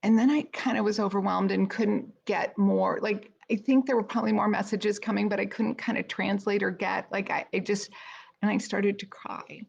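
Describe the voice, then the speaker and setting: A woman's voice: medium pitch, steady tone, normal speed, creaky, breathy edge. A middle-aged woman telling a personal story in a casual live video, chatty, with lots of fillers and restarts. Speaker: speaker trainer hosting a weekly live video. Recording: slightly dull, lo-fi sound.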